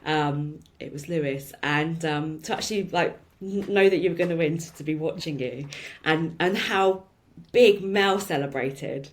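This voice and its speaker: Lower-voiced woman podcast host. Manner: warm-hearted praise, chatty questions. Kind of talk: podcast interview.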